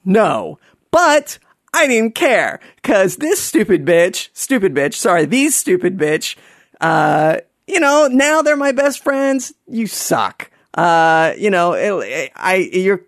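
A man telling a funny personal story in an animated, sarcastic way, dropping to mumbled asides and jumping up for mocking voices. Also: high-pitched, takes it slowly, no room sound, clean studio sound. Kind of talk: comedic personal anecdote.

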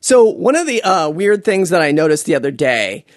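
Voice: medium pitch, sing-song, normal speed, very noisy. Rambling, jokey podcast monologue. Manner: digressive, jokey, lots of fillers and asides.

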